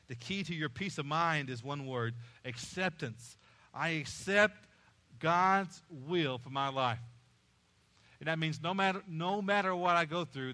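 A man's voice: fairly high pitch, bright, forceful tone. A male pastor preaching a sermon, repeating key phrases and rising in passion as he goes.

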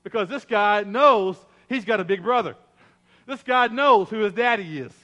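A preacher voicing a brash young shepherd hero. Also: male voice, sits high, expressive, moderate pace, pushed and bright, muffled recording. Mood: defiant. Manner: casual slangy bravado.

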